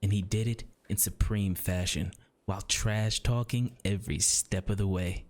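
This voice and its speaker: A man's voice: lowish voice, steady tone, normal speed, a little mellow. A man narrating a sports video from a script, with confident, mocking commentary.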